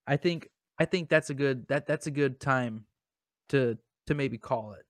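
A man's voice: medium pitch, unhurried. A man hosting a comedy podcast, talking in a mock-dramatic, self-pitying way and often stammering over his words. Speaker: podcast host.

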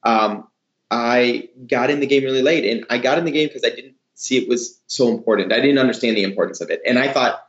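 Male guest, hairdresser-educator, eager and animated, roomy slightly muffled sound. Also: medium pitch, a little fast. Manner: enthusiastic, animated storytelling. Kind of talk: casual interview talk.

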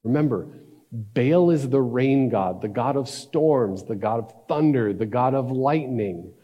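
A man preaching a sermon, telling a story with dramatic shifts between loud and hushed delivery. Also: mid-range voice, lively intonation, a little slow, lo-fi sound. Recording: reverberant hall.

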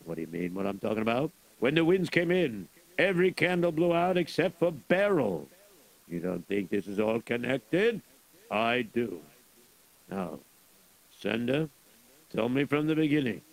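A man with a very gravelly voice plays a rabbi in a radio drama. He speaks with an insistent, probing manner and lively pitch. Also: normal speed, poor audio.

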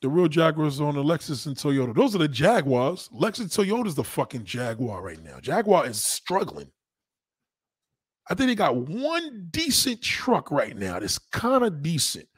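A man's voice: normal speed, breathy edge, dry recording, clean studio sound. A man on a live stream, mocking a viewer's comment in a heated, profane rant and repeating himself for emphasis. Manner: animated, pitch jumps up when indignant. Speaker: livestreamer reading viewer comments.

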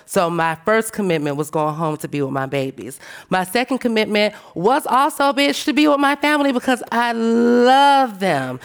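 A woman speaking on a panel, telling animated, emphatic stories in a frank, profane way and calling her listeners "baby". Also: a little high, moderate pace, hardly any pauses, clear, resonant tone. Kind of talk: panel discussion talk.

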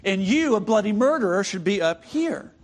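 Man doing a high, loud, indignant ghost who demands his rights. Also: very animated, normal speed. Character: self-righteous indignant male ghost from hell.

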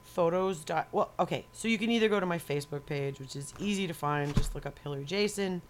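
A woman's voice: on the low side, fast, a little hiss or hum. A woman from New York, a photographer guest in a casual chat, talking in a wry, sarcastic way and laughing often.

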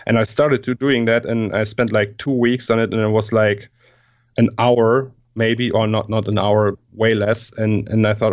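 A man with a German accent who is a native German speaker, chatting casually as an interview guest, halting often with fillers, restarts and casual swearing. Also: fairly low pitch, flat delivery, dull audio. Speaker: guest CGI artist.

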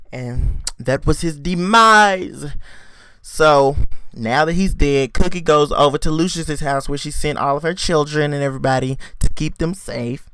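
A man giving a casual, profane, animated recap of a TV episode, acting out the scenes. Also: on the high side, smooth. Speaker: TV recap commentator.

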